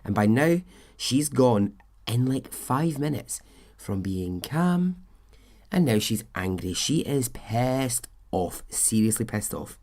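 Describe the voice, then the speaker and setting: A man's voice: mid-range voice, very animated, takes it slowly, darkish tone. A man hosting a podcast, telling a true-crime story in a chatty, conversational way with frequent asides. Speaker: podcast host.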